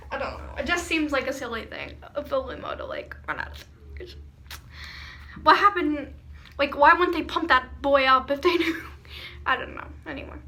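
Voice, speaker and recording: A woman's voice: high voice, pushed and bright, a little hiss or hum. A teenage girl from Pennsylvania reading her old fan fiction aloud, giggling and mocking it with lots of "like" and "um". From Pennsylvania, USA. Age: teens. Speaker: vlogger. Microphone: phone camera.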